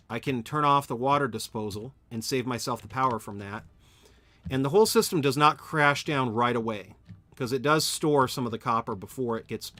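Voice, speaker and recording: A man's voice: mid-range voice, pushed and bright. A man thinking aloud while streaming a game at home, answering chat and often correcting himself. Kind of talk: live gameplay commentary, answering chat.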